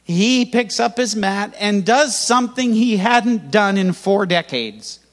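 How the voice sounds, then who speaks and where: An older man preaching a sermon as pastor, lively and humorous, with sudden loud rises. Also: high voice, slow pace. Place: church hall. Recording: church hall reverb.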